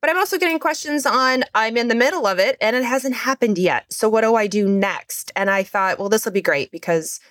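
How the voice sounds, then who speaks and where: A woman's voice: on the high side, fairly bright tone, dry recording, clean studio sound. Upbeat woman hosting a podcast. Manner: upbeat, quick and conversational. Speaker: podcast host. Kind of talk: casual interview chat.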